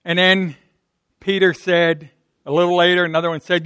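A man's voice: sits high, little pitch movement, moderate pace, pushed and bright, clear, resonant tone, no echo. A man from Pittsburgh with a Pittsburgh accent, preaching a sermon in a conversational, folksy way, acting out the quotes. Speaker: pastor.

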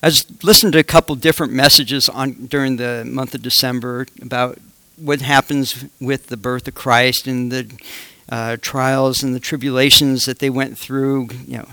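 A man's voice: medium pitch, little pitch movement, moderate pace, bright, forceful tone, no echo. A man preaching a conversational sermon with slides, joking asides and frequent fillers. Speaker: lay preacher.

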